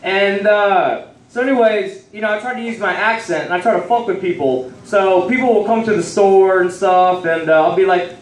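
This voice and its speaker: High-voiced man rambling onstage. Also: normal speed, few pauses, slight background noise. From Texas. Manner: rambling, profane, loose storytelling. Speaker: stand-up comedian. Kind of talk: stand-up set. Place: comedy club stage. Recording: roomy sound from a distant mic.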